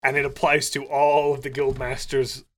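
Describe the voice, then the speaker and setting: A man in his thirties co-hosting a casual chat about tabletop games, animated, often laughing and bursting into loud play-acting. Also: medium pitch, moderate pace. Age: 30s. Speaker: podcast co-host.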